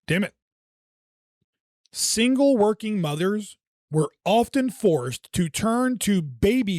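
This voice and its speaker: A man's voice: high-pitched, very animated, slow pace, long pauses, a little mellow, no echo, studio quality. A man hosting a reaction video, rambling in a conspiratorial way and swearing often as he comments on clips.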